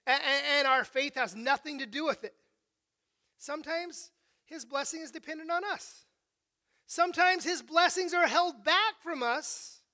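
A preacher with a high, bright voice gives an emphatic sermon, moving between hushed and raised passages. He keeps asking a rhetorical "right?" and starts phrases over again and again.

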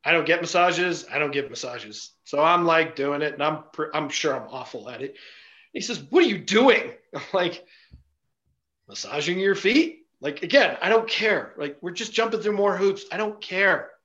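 A man speaking a little higher than most men, telling personal stories as an interview guest. He talks bluntly and swears freely, with lots of "you know" and "like". The recording sounds dull and lo-fi. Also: moderate pace, few pauses, bright, forceful tone. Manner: blunt and profane, with frequent fillers. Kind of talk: casual storytelling.

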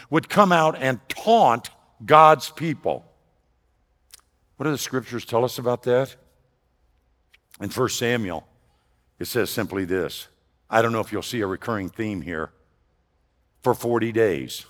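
A man preaching a sermon to his congregation, moving between loud emphatic lines and quiet, lower asides. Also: in a large hall. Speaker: pastor. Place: church sanctuary.

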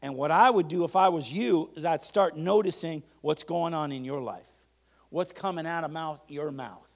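Male pastor, call-and-response preaching, a bit high-pitched, emphatic. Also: gravelly. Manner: drawn-out emphatic reading of declarations. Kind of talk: sermon.

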